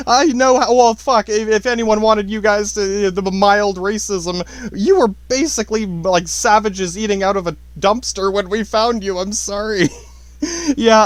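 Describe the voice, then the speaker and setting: Profane rambling man, high voice. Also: dry recording. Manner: profane, self-deprecating, frequent apologies and laughs. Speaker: podcast host. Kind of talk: rambling casual monologue.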